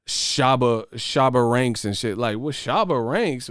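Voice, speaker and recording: A man hosts a boxing channel and rants to his viewers in loose, profane livestream talk. His voice is smooth and clear. The sound is dry and close to the mic. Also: mid-range voice, takes it slowly, no room sound. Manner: profane, animated ranting. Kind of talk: casual livestream chat.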